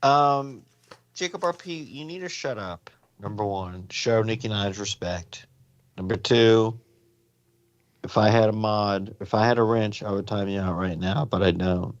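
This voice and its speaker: A man's voice: lowish voice, measured pace, no room sound, dull audio. A man on a live-stream chat, indignant, loose and profane.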